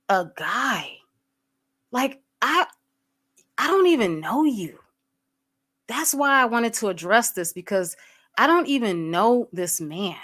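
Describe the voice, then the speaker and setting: A woman's voice: a little high, a bit bright. A woman hosting a livestream, talking candidly to her viewers and greeting people in the chat as they arrive. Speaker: livestream host.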